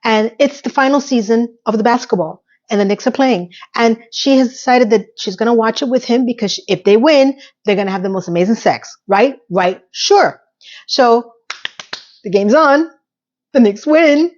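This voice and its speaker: A woman talks through a show's episode in a chatty, sassy way, tossing in asides and acting out the quotes. Her voice sits a little high, and the recording sounds dull and lo-fi. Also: moderate pace, darkish tone. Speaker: recap host. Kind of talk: casual TV recap commentary.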